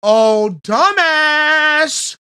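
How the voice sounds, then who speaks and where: A man's voice: very high-pitched, lively intonation, extremely slow, bright, forceful tone, dry recording, studio quality. A man chatting casually while playing a game, rambling with lots of fillers and giggling. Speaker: gaming streamer. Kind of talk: casual gameplay chat.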